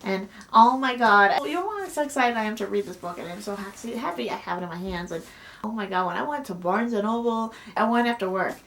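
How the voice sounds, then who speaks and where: Gushing young woman with a gravelly edge. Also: medium pitch, fast, slight background noise. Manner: gushing, excitable, many "like"s and "oh my God"s. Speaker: book vlogger. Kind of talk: casual book haul chat.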